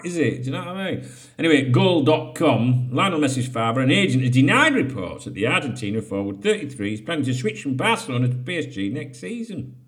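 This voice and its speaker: A man's voice: medium pitch, sing-song, fast, a bit bright. A man hosting a casual solo podcast. He reads out headlines and breaks in with sweary, jokey asides. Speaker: podcast host.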